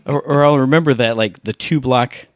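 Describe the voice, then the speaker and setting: Male podcast co-host, mid-range voice, dry close sound, excitable rambler. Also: medium pitch, moderate pace, dry recording. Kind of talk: casual gaming chat.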